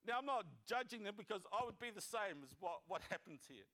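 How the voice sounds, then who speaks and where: A man's voice: high-pitched, lively intonation, a little fast, sharp tone. A man preaching a sermon as pastor, reading scripture and breaking into conversational, joking asides and acted-out voices.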